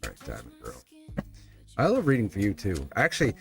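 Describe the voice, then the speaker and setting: A man's voice: lowish voice, huge pitch swings, brisk, fairly bright tone, soft background music. A man hosting a live tarot reading stream, talking casually to viewers in a chatty, upbeat way, often laughing and restarting his sentences.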